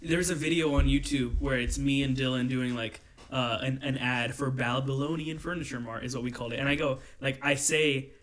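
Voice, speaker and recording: A man's voice: medium pitch, fairly even intonation, fairly quick, hardly any pauses, fairly bright tone. A young man co-hosting a casual chat with friends, teasing and laughing often. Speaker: podcast co-host.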